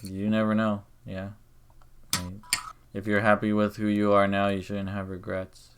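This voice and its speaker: Low, creaky-voiced joking man. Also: a little slow, background noise. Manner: teasing, crude, animated joker. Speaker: streamer. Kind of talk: casual chat on a live stream.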